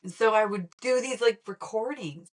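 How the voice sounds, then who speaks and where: Woman, podcast guest, casual chat, animated, laughs a lot, trailing sentences. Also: fairly high pitch, moderate pace. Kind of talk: casual conversation.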